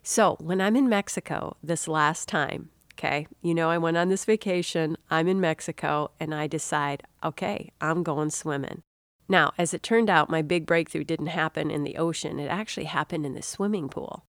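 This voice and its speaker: A middle-aged woman hosts an inspirational podcast with a low voice. She tells personal stories in a chatty, encouraging manner and calls her listener dear soul. The sound is dry, with no room around her. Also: dry recording. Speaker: podcast host and author. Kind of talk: inspirational talk.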